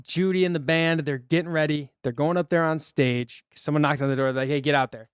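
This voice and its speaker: A man's voice: a little high, fairly even intonation, a little fast, clean tone, no echo, clean studio sound. A man co-hosting a podcast, casually retelling a film's scenes and acting out the characters' lines. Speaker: podcast co-host. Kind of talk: casual movie recap chat.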